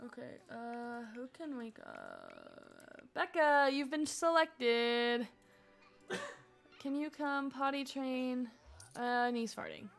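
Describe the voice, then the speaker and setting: A woman's voice: on the high side, huge pitch swings, slow, gravelly, faint music behind. A young woman streaming a life-sim game, chatting and coaxing her characters along with frequent laughs. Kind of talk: casual gameplay commentary.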